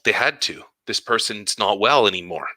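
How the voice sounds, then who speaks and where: A man's voice: fairly low pitch, normal speed, dry recording. A man who is an elementary school teacher, telling stories about his work in a casual podcast monologue and acting out conversations as he goes. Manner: animated storytelling, acting out conversations.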